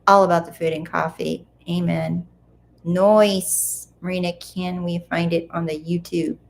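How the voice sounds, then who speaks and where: Woman doing a casual livestream at home, reads out comments and chats back, lowish gravelly voice. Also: level tone, measured pace, slight background noise. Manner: chatty, reads comments aloud and reacts. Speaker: livestream host reading viewer comments. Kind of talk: casual live chat.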